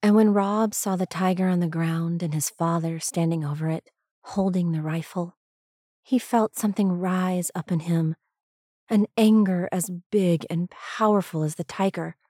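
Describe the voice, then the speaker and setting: A woman reading a story aloud as scripted narration, slow and even. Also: on the low side, no room sound, clean studio sound. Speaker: reader.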